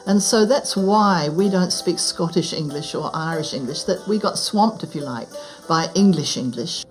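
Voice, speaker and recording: A woman's voice: lowish voice, expressive, moderate pace, soft background music, low-quality recording. A woman with a New Zealand accent explaining as a language expert in a thoughtful interview.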